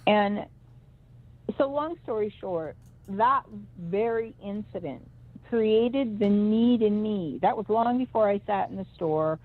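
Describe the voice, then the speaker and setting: A woman's voice: medium pitch, lively intonation, slow. A middle-aged woman, a psychic reader, telling a personal story in a rambling, emphatic way with many restarts. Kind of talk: personal storytelling on a call-in show. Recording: tinny phone line.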